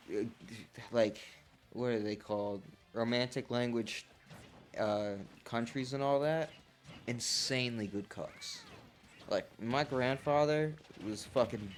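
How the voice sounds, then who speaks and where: A young man streaming, chatting casually and profanely over a game tournament, rambling in an animated way. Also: medium pitch, a little hiss or hum.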